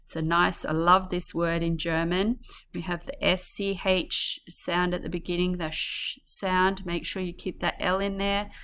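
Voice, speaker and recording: Slow, encouraging woman teaching German words. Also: on the low side, little pitch movement, fairly bright tone, slight background noise. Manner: slow, drawn-out modelling of words for repetition; encouraging, addresses pupils as guys. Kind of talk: classroom language lesson.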